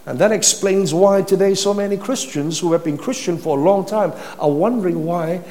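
A man's voice: high-pitched, normal speed, few pauses, darkish tone. A man preaching a sermon in a teaching manner, putting questions to his listeners and repeating words as he builds his points. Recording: long hall reverb.

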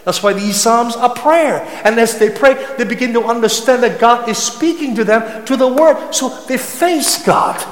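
A man preaching a sermon with passion, sometimes rising to loud cries. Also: very high voice, normal speed, hardly any pauses. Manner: impassioned, rising to shouts when voicing psalm cries. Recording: echoey hall with long reverb.

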